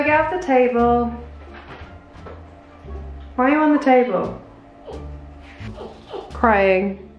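Chatty woman, high bright voice. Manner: chatty, talks to her dog in a high sing-song baby voice. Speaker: vlogger. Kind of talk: casual vlog chat with her dog.

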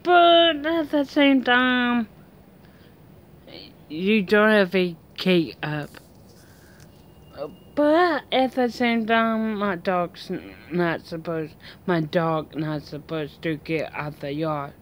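Very slow-talking rambling woman vlogger. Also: fairly low pitch. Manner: rambling, full of fillers and restarts. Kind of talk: casual rambling chat. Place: outdoors at home.

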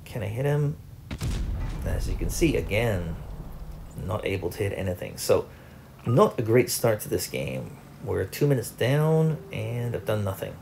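A man's voice: lowish voice, sing-song, a little slow, vocal fry, a little mellow, a little hiss or hum. A young man, host of a gaming channel, giving chatty, self-mocking commentary over his own gameplay.

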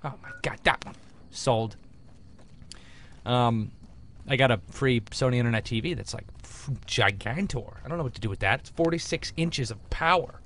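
A man's voice: mid-range voice, animated, moderate pace, fairly bright tone, slight background noise. A young man commentating his gameplay in a jokey, rambling way with frequent exclamations. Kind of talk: let's play commentary.

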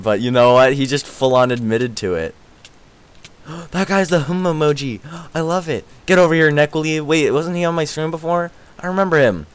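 A young man chatting casually on a live game stream, excitable and laughing often, his voice worn out. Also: medium pitch, smooth. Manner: excitable, laughs often, yelps and shouts when startled.

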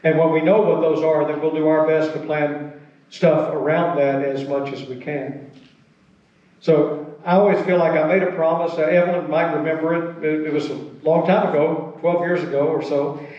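A man's voice: a little high, fairly even intonation, normal speed, a little mellow. Folksy male pastor in an echoey church. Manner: folksy, conversational preaching. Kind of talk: sermon. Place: church sanctuary. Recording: echoey, distant, dull church recording.

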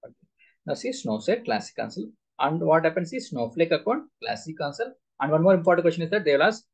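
A man's voice: on the high side, sing-song, quick pace, gravelly, breathy edge. A man teaching a live SQL class, quizzing students with repeated questions. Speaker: SQL instructor.

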